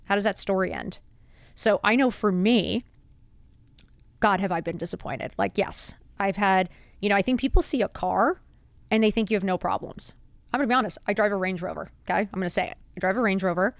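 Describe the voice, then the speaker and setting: A woman's voice: a little fast, gravelly, no echo. A woman in her fifties hosts a solo podcast, talking bluntly and confidingly in an ordinary mid-range voice. She is recorded close and dry, with no room sound around her. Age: 50s. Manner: blunt, confiding, animated with laughs and high put-on quotes. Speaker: podcast host. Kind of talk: candid solo podcast talk.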